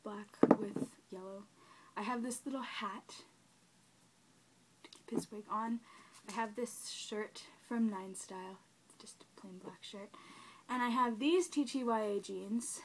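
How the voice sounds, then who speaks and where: A young woman who gushes excitedly and chats to her new doll while unboxing it on camera, kneeling on the floor at home. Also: a little high, heavy background noise. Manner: gushing, excitable, talks to the doll. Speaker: doll collector vlogger. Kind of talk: casual unboxing chat. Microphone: camera mic.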